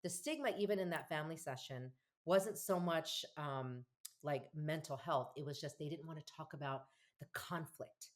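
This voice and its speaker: A woman in her fifties, a family therapist talking in an interview, animated and acting out quoted dialogue with laughs. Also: sits low, moderate pace. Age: 50s. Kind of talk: conversational podcast interview.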